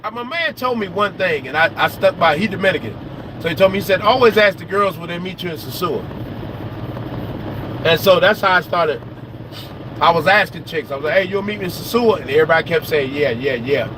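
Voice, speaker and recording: A man with a notably high speaking voice talks straight to his viewers about his life, swearing often and repeating phrases to drive them home. He sounds animated and unfiltered. The recording is outdoors, with clear road and city noise under his voice. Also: brisk. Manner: animated, profane, repeats himself for emphasis. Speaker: trucker vlogger. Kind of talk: casual outdoor talk to viewers.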